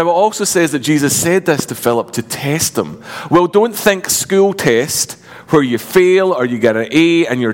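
A man preaching from the front of a church, with an ordinary middle pitch for a man. He moves between calm reading and playful, animated storytelling that jumps up in pitch. His voice rings out with a long hall reverb. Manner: lively, joking storytelling with big swings in pitch. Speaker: pastor. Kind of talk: sermon.

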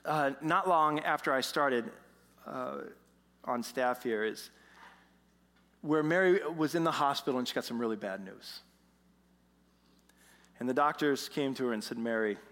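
A pastor telling a story in a sermon, animated, moving between hushed moments and emphatic ones. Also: male voice, medium pitch, measured pace, pauses often. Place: church sanctuary. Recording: long church reverb.

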